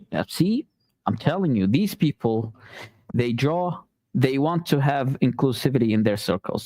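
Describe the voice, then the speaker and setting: A man with a warm, mellow voice gives casual, sarcastic reaction commentary. He talks loosely, as if to his regular viewers. The sound is close and dry. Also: medium pitch, no room sound. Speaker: commentary channel host.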